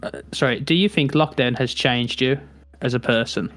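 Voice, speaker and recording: A man's voice: medium pitch, normal speed, dry recording, faint music behind. A man from the Black Country with a strong Black Country accent, hosting a casual podcast interview in a laid-back way. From Black Country, England. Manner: laid-back, laughs often. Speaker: podcast host.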